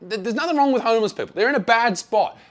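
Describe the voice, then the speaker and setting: A man's voice: very high voice, expressive, very fast. A man with an Australian accent giving a blunt, profane and sarcastic travel review. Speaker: travel vlogger.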